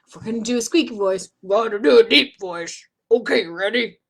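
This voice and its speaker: A woman's voice: on the high side, brisk, vocal fry, husky. A woman hosting a live online storytime for children, chatty and encouraging.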